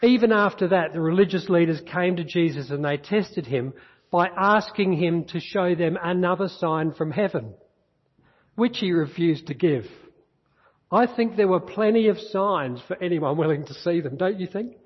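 A man's voice: high voice, expressive, moderate pace, slightly rough. A male pastor preaching a sermon, earnest and repeating key phrases, recorded in a church. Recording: dull echoey church hall recording.

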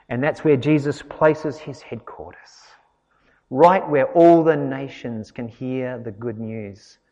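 A man preaching a sermon in an expressive, conversational way, chatting with his congregation as he explains the passage. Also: high voice, big-room sound. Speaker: pastor.

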